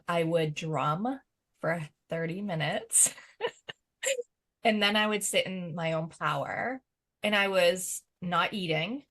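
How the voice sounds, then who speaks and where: A woman's voice: lowish voice, fairly bright tone. A woman medium on a podcast panel, chatting casually with lots of fillers and laughter. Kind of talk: casual chat.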